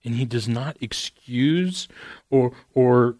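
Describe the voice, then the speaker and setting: A man preaching a sermon in a casual, earnest way, dropping "man" into his sentences and moving from hushed stretches to raised, emphatic ones. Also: mid-range voice, slow, no room sound. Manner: conversational and earnest, with repeated "man"; swings from quiet intimate passages to raised emphatic ones. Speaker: pastor.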